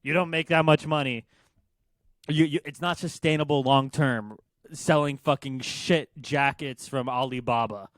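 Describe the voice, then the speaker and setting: In a casual podcast rant, a young man co-host lets loose on online commenters with plenty of profanity. He speaks in a steady, mid-range voice at a measured pace, with a fairly bright tone and no echo.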